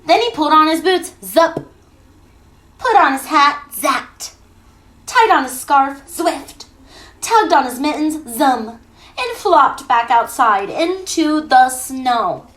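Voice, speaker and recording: A woman teacher reading a picture book aloud to children, animated and playful, stretching out the sounds. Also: sits high, slow.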